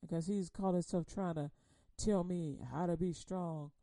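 A woman preaching a humorous sermon, telling animated stories, laughing often and acting out quotes in casual slang. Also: fairly low pitch, moderate pace, no room sound.

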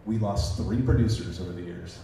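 A man's voice: low-pitched, a little fast, mellow, slight background noise. A man speaking at a conference, telling stories animatedly and acting out quoted voices. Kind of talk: storytelling talk to an audience. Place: conference hall. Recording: echoey hall recording from far off.

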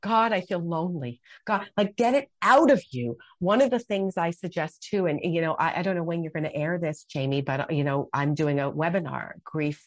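A woman's voice: sits low, moderate pace, few pauses, no echo. A middle-aged woman speaking passionately as a guest on a faith interview, acting out her own prayers and quotes. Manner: impassioned, dramatic acted-out quotes.

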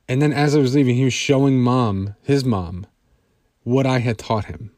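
A man's voice: mid-range voice, fairly even intonation, moderate pace, a little mellow, dry recording. Man telling a story, dry sound. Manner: conversational, many fillers. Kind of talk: personal storytelling.

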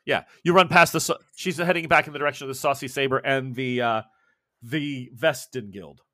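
A man's voice: medium pitch, sharp tone. A man narrating a tabletop role-playing game as game master, playful and often laughing. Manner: playful, laughing, quick voices for townsfolk.

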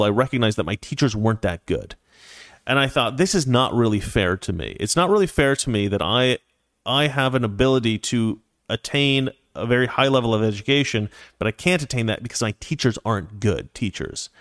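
A man in his forties hosts a casual political talk show, speaking from a close, dry microphone with no room sound. His voice sits at an ordinary middle pitch, and he talks in an opinionated way, straight to his audience. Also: expressive, a little fast, fairly bright tone, no room sound. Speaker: show host. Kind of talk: casual political commentary with viewer chat.

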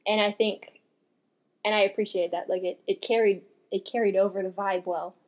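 A woman's voice: medium pitch, fairly even intonation, normal speed, darkish tone. A woman co-hosting a book podcast in casual chat, laid-back and full of "like" and "you know". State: hiccuping. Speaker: podcast co-host.

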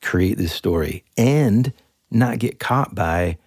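A young man co-hosting a casual podcast chat, rambling and animated, with lots of fillers. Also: fairly low pitch, takes it slowly, breathy edge, dry recording, studio quality. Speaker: podcast co-host.

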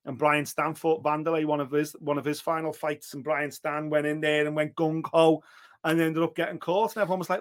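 Man, podcast co-host, casual sports chat, fairly high voice, animated, sweary. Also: a little fast. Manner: animated, acts out other people's quotes with swearing.

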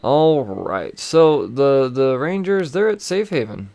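A man's voice: medium pitch, animated, slow, vocal fry, darkish tone, dry recording. A man hosting a casual comic book review show, late at night and wired on coffee, rambling and swearing freely. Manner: rambling, profane, chuckling. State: over-caffeinated late at night. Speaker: comic book podcast host.

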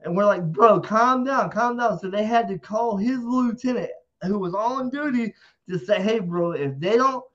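A man's voice: high-pitched, normal speed. A man, an interview guest, telling a story casually, swearing freely and acting out what people said. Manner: profane, animated, acts out quotes. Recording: dull lo-fi audio.

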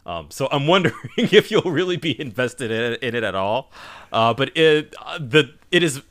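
Male co-host, bright voice, very lively pitch, casual expressive chat. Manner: expressive, halting with restarts and laughs. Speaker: podcast co-host.

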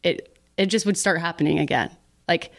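A young woman from Texas with a fairly low voice tells a story to a podcast host in a loose, chatty way. She laughs often and slips into little voiced-out versions of her younger self. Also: moderate pace, creaky. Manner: chatty, laughing often, acts out her own past words. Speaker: podcast guest. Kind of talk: casual storytelling interview.

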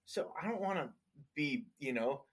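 A man with a high-pitched voice co-hosting a crude casual podcast chat. He rambles, breaks off and restarts his sentences, and laughs along with his partner. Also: lively intonation, moderate pace, slightly rough. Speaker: podcast co-host.

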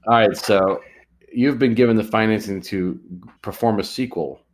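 A man co-hosting a comedy podcast, pitching absurd movie ideas in a deadpan way. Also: normal speed, slight background noise. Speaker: podcast co-host.

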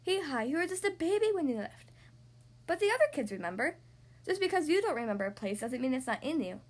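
A woman voicing a cheerful older grandmother in a read-aloud storybook, telling stories with lively warmth. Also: sits high, quick pace. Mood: gentle.

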